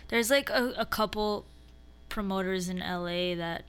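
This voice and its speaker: A woman's voice: mid-range voice, a little slow, clean tone. Congested woman, chatty musician guest. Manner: chatty, lots of "like". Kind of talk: casual interview chat.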